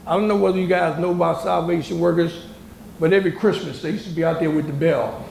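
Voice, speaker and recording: An older American man with a gravelly, high voice tells a story as a panel guest at a moderated discussion in a university hall. He's a lively, colloquial, emphatic storyteller who acts out what other people said, speaking at a quick pace. The hall sounds roomy, with slight background noise.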